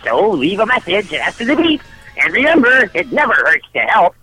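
Brief: cheerful raspy cartoon cat, done by a man, squeaky bright, sing-song. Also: very animated, normal speed, soft background music, full character voice, rough recording. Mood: upbeat. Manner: sing-song, upbeat answering-message delivery.

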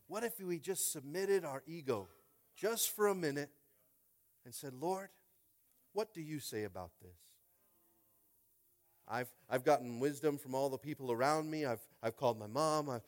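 Man preaching a lively sermon, fairly high voice, swings between loud calls and quiet asides. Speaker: pastor.

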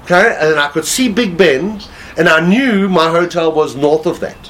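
A man's voice: a little high, moderate pace, rough recording. A man casually telling a long anecdote as a guest, laughing often as he talks. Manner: animated storyteller, laughs while talking.

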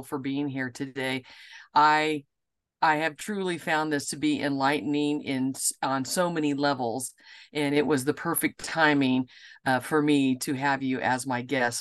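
A woman hosting a podcast interview, offering short affirmations and often restarting her sentences as she asks questions. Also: very deep voice. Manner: warm affirmations, halting restarts. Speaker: podcast host.

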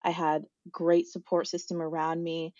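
Woman in her 40s, lowish voice, reflective and searching, many pauses, dull dry remote audio. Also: completely flat delivery, a little mellow, dry recording. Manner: thoughtful, searching, with frequent pauses and fillers. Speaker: guest. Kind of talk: reflective personal storytelling.

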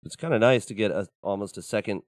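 A man's voice: on the low side, fast, no room sound. A man who plays in a band, chatting casually as an in-studio guest, laid-back and rambling, with lots of fillers and some swearing. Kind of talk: casual interview chat.

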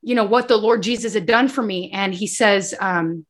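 A woman with a mid-range voice speaks at a moderate pace, sharing an emotional faith testimony as a guest. She tells her story with animation, acting out the dialogue and frequently turning to address the host.

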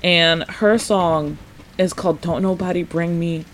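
Man, high voice, casual solo podcast host, chatty, lots of "like", animated. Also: a little slow, slight background noise. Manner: chatty, says "like" often, laughs a lot; animated, acts out characters' lines.

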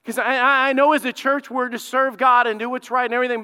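High, bright-voiced man preaching a sermon. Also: flat delivery, quick pace, hardly any pauses, smooth. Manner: emphatic, rising to loud repeated exclamations. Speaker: pastor. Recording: church hall reverb.

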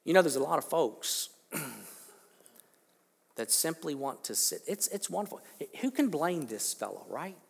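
A man preaching a sermon as pastor, emphatic, swinging between quiet and loud, asking rhetorical questions. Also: a little high, sing-song, measured pace, creaky, pauses often, breathy edge, long reverb tail. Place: church sanctuary.

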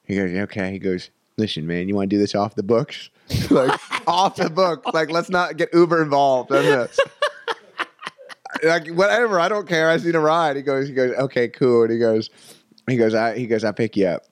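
A man's voice: medium pitch, brisk, dry recording. Rambling man telling a story. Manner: rambling, laughs often, acts out other people's lines. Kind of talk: casual storytelling.

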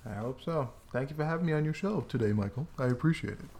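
A man's voice: mid-range voice, lively intonation, quick pace, a little mellow. A man in a mid-range voice sits in as a podcast guest. He talks casually with his friend, laid-back and teasing. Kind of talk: casual chat.

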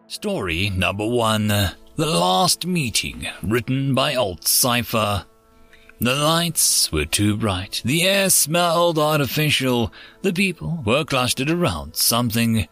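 A man narrating science fiction stories with theatrical, drawn-out emphasis, hosting his own channel. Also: medium pitch, very animated, a bit bright, faint music behind. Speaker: story narrator. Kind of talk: scripted story narration.

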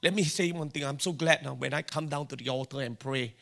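A man's voice: medium pitch, a little fast, creaky, bright, forceful tone. A middle-aged man with a Singaporean English accent preaching a sermon, telling stories animatedly and acting out the dialogue. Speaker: pastor.

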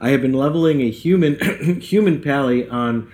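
A man co-hosting a gaming podcast in a casual chat, reading listener emails aloud in a relaxed way and laughing at his own slips. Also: mid-range voice, moderate pace. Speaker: podcast co-host. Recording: echoey room sound.

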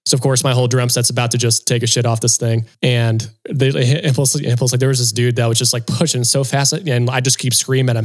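A man's voice: brisk, few pauses. A man, a co-host and touring drummer, telling a story in casual chat and acting out quotes in a raised voice. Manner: animated storyteller, acts out quotes in a higher voice.

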